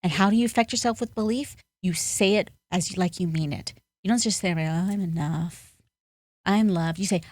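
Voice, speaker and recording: A woman's voice: medium pitch, moderate pace, no room sound, clean studio sound. A woman guest on a podcast, a life coach speaking in an earnest, motivational way with emphatic bursts. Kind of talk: podcast interview.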